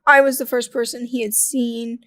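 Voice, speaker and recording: A young adult woman chatting as a podcast guest, telling lively stories, acting out quoted voices and laughing often. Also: a little high, moderate pace, dry recording, studio quality. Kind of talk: casual conversational interview.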